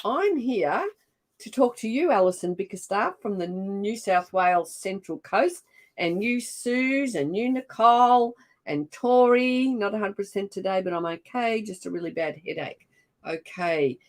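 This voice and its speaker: A woman's voice: medium pitch, animated, a little slow. An older woman with an Australian accent, hosting a casual livestream and greeting viewers by name in an effusive, chatty way. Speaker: livestream host. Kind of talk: casual live-stream chat.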